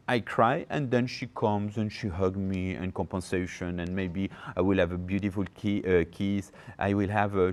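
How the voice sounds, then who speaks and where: Low voiced guy giving a self-help talk, lively up and down delivery, keeps asking okay?. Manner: animated, frequent "okay?" checks, acts out little quoted voices. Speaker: personal development speaker. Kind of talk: informal talk to camera.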